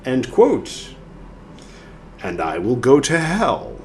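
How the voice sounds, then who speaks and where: A man's voice: mid-range voice, wildly swooping pitch, extremely slow, long pauses, mellow, slight background noise. A man hosting a show, reading a text aloud with a theatrical delivery and adding his own commentary. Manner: dramatic, theatrical reading of quotes. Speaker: host. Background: faint background music.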